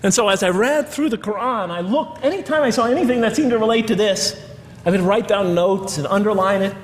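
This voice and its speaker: Here an American man with a somewhat high voice gives a lecture, talking in an easy way with dry jokes along the way. His voice carries a long reverb from a large hall. The tone stays that of a public lecture. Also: fairly quick, slight background noise. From United States. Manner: conversational with wry asides.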